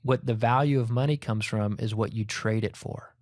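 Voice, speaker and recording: A man's voice: on the low side, fairly even intonation, normal speed, darkish tone, no room sound, studio quality. A middle-aged man co-hosting a casual podcast chat, talking in long, rambling runs that often restart mid-sentence. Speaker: podcast co-host.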